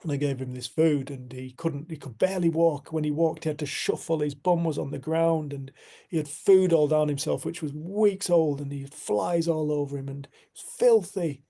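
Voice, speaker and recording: Gravelly, mellow-voiced man telling a story. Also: fairly high pitch. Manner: earnest, unhurried storytelling. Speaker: community group speaker. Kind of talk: reflective spiritual talk.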